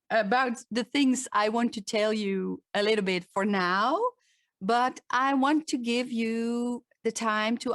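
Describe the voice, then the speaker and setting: Slow-spoken Dutch-accented woman coach. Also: fairly high pitch, a bit bright, dry recording, studio quality. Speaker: voice and presentation coach. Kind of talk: online talk and Q&A.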